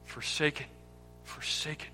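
A man preaching a sermon with impassioned swings between loud cries and hushed, near-whispered words, repeating key words for emphasis. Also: measured pace. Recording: long hall reverb with faint music.

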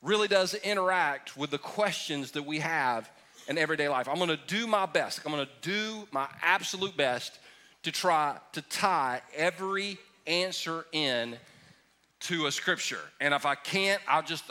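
A male pastor preaches a question-and-answer sermon in a bright, forceful voice pitched a bit high. He talks casually, drops jokes, and leans on emphatic repetition. The sound is of a church room with some distance from the mic. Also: moderate pace. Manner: conversational, joking, emphatic preaching. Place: church sanctuary.

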